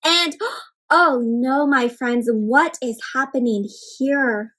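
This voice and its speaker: High-voiced woman reading aloud to kids. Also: slow. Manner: warm, encouraging, asks children questions. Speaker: children's storybook reader. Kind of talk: interactive read-aloud for kids.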